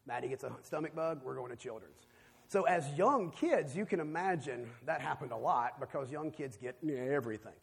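A man preaching a sermon, telling a personal story and swinging between hushed, quiet passages and loud, emphatic ones. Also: mid-range voice, expressive, moderate pace, vocal fry, husky. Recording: long reverb of a large hall.

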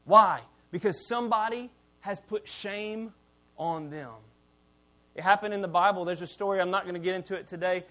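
A middle-aged pastor with a notably high voice delivers a sermon in a relaxed, conversational way. He is candid and self-deprecating, and he often sinks low and quiet to land a point. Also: normal speed. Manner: conversational preaching, dropping low and quiet for emphasis.

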